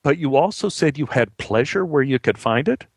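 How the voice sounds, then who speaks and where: A man's voice: medium pitch, lively intonation, moderate pace, no echo. A man telling a true story in a conversational, earnest way. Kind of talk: spoken storytelling.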